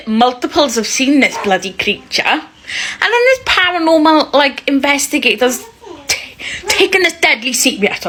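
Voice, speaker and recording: A woman's voice: high-pitched, bright, forceful tone, low-quality recording. A woman ranting casually to her phone camera, incredulous and mocking, swearing freely.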